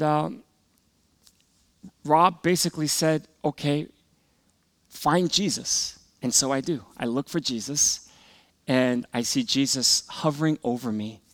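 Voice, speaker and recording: A man's voice: medium pitch, moderate pace, no echo. A middle-aged man tells a personal story from the pulpit, earnest and emotional. His voice sits in an ordinary middle register. The sound is close and dry, with no room around it. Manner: earnest, emotional storytelling that swings from loud to hushed. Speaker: pastor. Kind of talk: sermon testimony.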